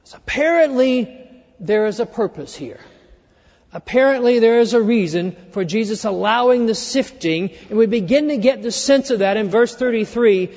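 A man preaching a sermon, earnestly walking through a scripture passage and dropping quieter when he quotes it. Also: extremely high pitch, animated, moderate pace. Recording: dull reverberant hall sound.

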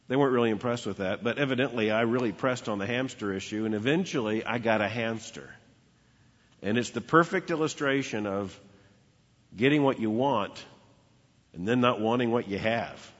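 Male pastor, storytelling sermon voice, husky, heard in a reverberant church hall. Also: medium pitch, normal speed, a bit bright. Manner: storytelling preacher, emphatic repetition. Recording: dull lo-fi with long hall reverb.

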